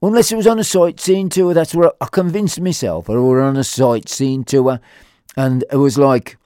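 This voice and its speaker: A man's voice: mid-range voice, fairly even intonation, moderate pace, mellow, clear, resonant tone, dry recording, clean studio sound. A man with a Black Country accent telling a rambling, humorous story in a chatty way, full of fillers. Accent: Black Country English. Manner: rambling, chatty, with lots of fillers and quoted voices.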